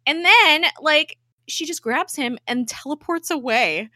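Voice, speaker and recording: A woman's voice: high voice, no echo, studio quality. A young woman co-hosting a casual podcast, recapping a TV episode, swearing freely and acting out the characters' lines. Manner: animated, swears freely, acts out characters' lines in quick voices. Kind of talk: casual chat.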